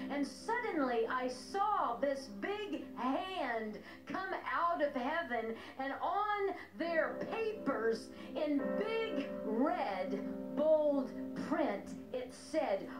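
A woman minister unhurriedly recounts a prophetic dream, her voice high and swooping. She speaks solemnly and repeats key lines for emphasis. An echoey room carries her voice over clear music. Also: very animated, very slow.

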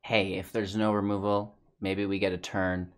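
Tired, chatty low-voiced man. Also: level tone, normal speed, clear, resonant tone. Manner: chatty, rambling, lots of fillers. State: tired, out of breath. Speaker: gaming YouTuber and streamer. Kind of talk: casual gameplay commentary and channel outro.

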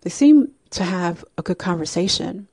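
Woman host, storytelling narration, low, mellow voice, dry and close. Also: lively intonation, slightly rough, no room sound. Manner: measured, storytelling. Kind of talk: telling a true story.

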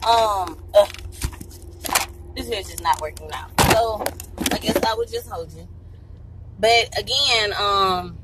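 A woman, chatting excitedly to her viewers while driving, a little out of breath and laughing often. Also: medium pitch, takes it slowly, long pauses, a little hiss or hum. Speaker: vlogger and mom. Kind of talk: casual vlog talk to viewers. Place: inside a car while driving. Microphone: handheld phone camera.

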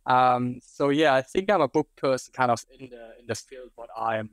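A man's voice: mid-range voice, normal speed, dry recording. A young man with a German accent, a guest expert answering interview questions in a loose, hedging way with many fillers.

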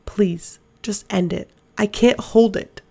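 A woman's voice: mid-range voice, steady tone, slow pace, dark tone. A woman reading aloud, voicing a tormented man possessed by a demon, pleading and strained.

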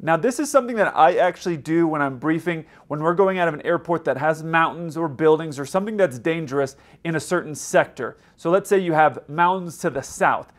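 Man, slightly high voice, explanatory, conversational commentary. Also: a little fast, hardly any pauses. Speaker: aviation video host. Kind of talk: commentary on radio recordings.

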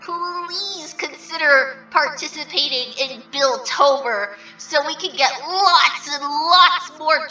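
A woman's voice: on the high side, sharp tone, echoey room, distant mic, rough recording. A woman voicing a vain, mischievous male triangle dream demon who reacts to fan art in a smug, theatrical, mock-offended way.

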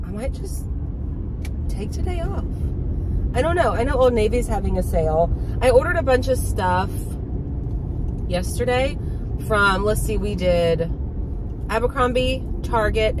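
Woman vlogger, casual chat, thinking aloud, soft asides, handheld phone. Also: mid-range voice, slight background noise.

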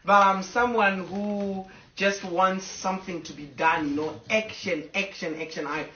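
A woman's voice: medium pitch, steady tone, a little slow, fairly bright tone, echoey room, recorded from a distance, lo-fi sound, a little hiss or hum. A woman speaking to her fans in a casual, emotional and rambling live video from home, stopping now and then to tell her dogs to sit down. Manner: talks to fans, stops to scold her dogs. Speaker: social media personality. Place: home with a fireplace.

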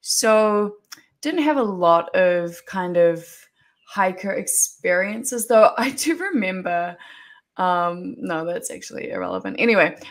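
A woman's voice: lowish voice, lively intonation, unhurried. A woman from New Zealand with a Kiwi accent, chatting as a podcast guest, laughing often and trailing off into fillers. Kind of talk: casual chat.

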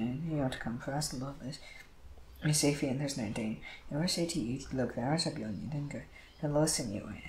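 A man reading scripture aloud, moving quickly and often stumbling over words and starting lines again. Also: mid-range voice, low-quality recording. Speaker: Bible reader.

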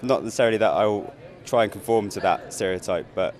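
A man answering an interview question hesitantly, with many hedges and pauses. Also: fairly low pitch, a little mellow. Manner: hesitant, hedging. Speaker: student interviewee. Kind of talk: street vox pop answer.

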